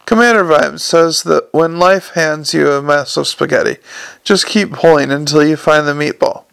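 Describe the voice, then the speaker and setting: A man's voice: fairly high pitch, moderate pace, vocal fry, fairly bright tone, smooth, dry recording. A man reading the part of a courteous, unflappable young police captain who calls everyone sir. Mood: politely probing. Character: polite earnest young male police captain.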